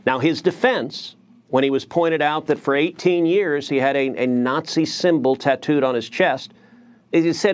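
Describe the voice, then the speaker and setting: Middle-aged male senator guest: forceful, indignant delivery with stuttered restarts, voice a touch high. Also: normal speed, clean tone. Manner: forceful, indignant, repeats words when starting. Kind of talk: political TV interview.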